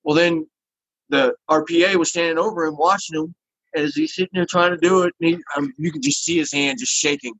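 A man's voice: fairly high pitch, a little fast, gravelly, slightly rough, dry recording, rough recording. A man telling a long story in casual chat and acting out the people in it. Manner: animated, acts out the people in his story.

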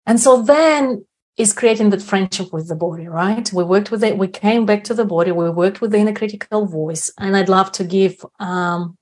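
In a moderate-paced, medium-pitched voice with a darkish tone, the guest on inner confidence thinks aloud on an interview show, frequently tossing in tag questions like "right?".

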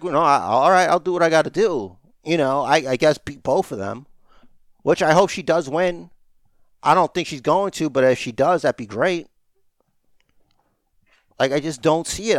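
A man's voice: a little high, lively intonation, moderate pace, no room sound, studio quality. A middle-aged man co-hosting a casual wrestling podcast, ranting emphatically and swearing as he argues. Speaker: podcast co-host.

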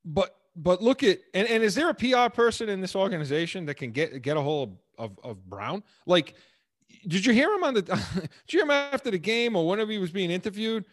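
A man co-hosting a sports talk show, his voice bouncing lively up and down as he argues his point with plenty of stops and restarts. He sits on the high side for a man. The sound is dry and close. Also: fairly quick, dry recording. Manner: animated, emphatic, many restarts. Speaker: sports radio co-host.

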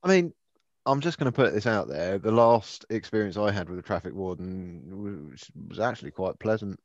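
Low-voiced man on a dull, dry line. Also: expressive, moderate pace, no echo. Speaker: podcast co-host. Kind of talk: casual chat.

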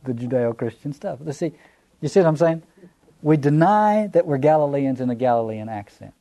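Man, Southern American accent, mellow warm tone, thoughtful lecture, rhetorical questions. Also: mid-range voice, lively intonation, moderate pace. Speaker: lecturer on scripture. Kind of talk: reflective lecture.

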